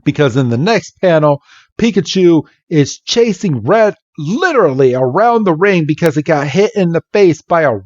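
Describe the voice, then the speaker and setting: Podcast host, man, playful comic recap, unhurried pace, slightly dull lo-fi audio. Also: fairly high pitch, dry recording. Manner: animated, playful storytelling. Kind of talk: casual comic recap narration.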